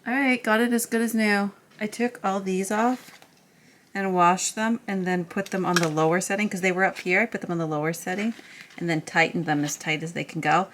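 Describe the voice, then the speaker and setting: A woman's voice: mid-range voice, steady tone, a little fast, fairly bright tone, slight background noise. A young woman from Canada talking in a chatty, casual home vlog, using lots of fillers. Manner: chatty, filler-heavy talk. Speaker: vlogger.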